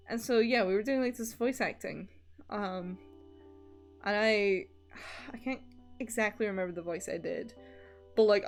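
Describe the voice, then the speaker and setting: A woman's voice: medium pitch, unhurried, pauses often, soft background music. A young woman streamer chatting casually while drawing, rambling with lots of fillers, frequent laughter and casual swearing.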